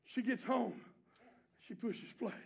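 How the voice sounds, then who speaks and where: A pastor preaching an impassioned sermon to a congregation in a church. He urges the listeners on, swinging from shouting to hushed, low passages. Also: slow, creaky. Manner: repeated call-and-response exhortations to the congregation.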